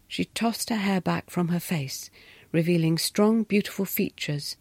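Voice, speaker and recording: A woman's voice: on the low side, a little slow, darkish tone, no room sound. A woman narrating a story expressively, often dropping into a whisper.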